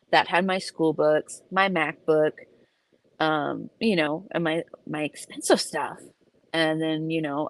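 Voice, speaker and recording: Casting: young adult woman, a little low-pitched, animated and profane, telling a casual story. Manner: animated, profane, emphatic retelling. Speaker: vlogger.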